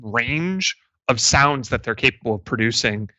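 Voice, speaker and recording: A man's voice: mid-range voice, lively intonation, a little slow, pushed and bright, no room sound, poor audio. A man narrating a tabletop game as game master, casual and full of fillers. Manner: casual, many fillers and restarts.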